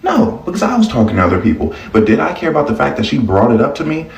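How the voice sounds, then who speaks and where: A man's voice: mid-range voice, huge pitch swings, fast, vocal fry, distant mic, a little hiss or hum. A young man telling a boastful dating story in a monologue. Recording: echoey room, off mic.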